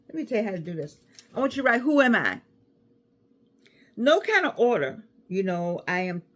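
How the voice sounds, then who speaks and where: An older woman talks straight to her viewers, sassy and full of asides. Her voice sits a little high and leaps up and down with great animation. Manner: chatty, sassy, digressive, laughs easily. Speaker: vlogger giving life advice. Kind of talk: casual chat to camera.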